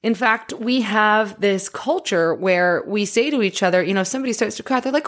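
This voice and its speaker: A woman life coach giving a motivational talk in an animated way, laughing often. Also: mid-range voice, moderate pace.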